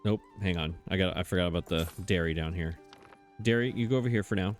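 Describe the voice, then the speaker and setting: A low-voiced man talks fast over soft music while playing through a game on a let's play. He muses aloud, chatty and confused, teasing himself about his errors.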